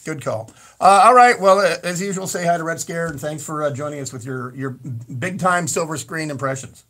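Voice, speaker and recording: Man, radio talk host, high voice, animated, rambling, stumbles over words. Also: fairly quick.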